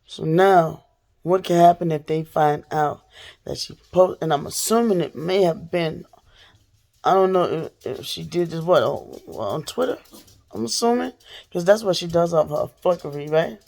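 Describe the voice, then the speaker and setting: A woman's voice: lowish voice, moderate pace, creaky. A woman telling a story and ranting straight to her viewers in a casual vlog. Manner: animated, talks straight to viewers. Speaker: vlogger. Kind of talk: casual storytime rant to camera.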